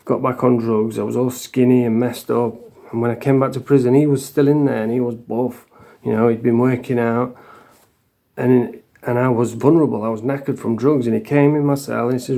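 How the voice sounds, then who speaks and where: Speaking with a Yorkshire accent, this Doncaster-area man vlogs casually to camera, spinning frank, meandering tales laced with frequent swearing. His voice is medium-pitched, gravelly, and warm.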